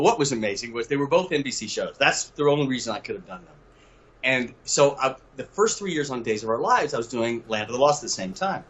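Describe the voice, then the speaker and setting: An older man from Mississippi, a guest telling lively stories over a video call and laughing often. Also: medium pitch, highs cut off. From Southern US, Mississippi. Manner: animated storyteller, laughs often.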